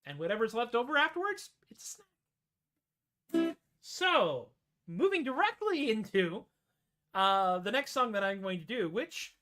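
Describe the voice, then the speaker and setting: Wry, rambling female comedy-music host, mid pitch, guitar underneath. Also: sing-song. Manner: wry, tangential, quick asides. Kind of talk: rambling comic banter between songs.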